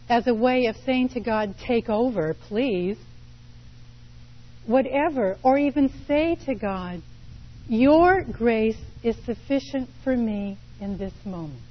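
A woman preaching a sermon, telling stories slowly and deliberately with pauses. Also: a little high, muffled recording. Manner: slow, deliberate storytelling with pauses.

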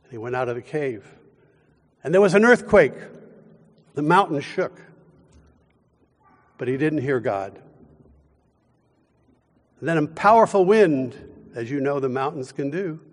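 A man preaching a sermon as pastor, with deliberate, emphatic delivery and dramatic pauses. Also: on the high side, very animated, long reverb tail.

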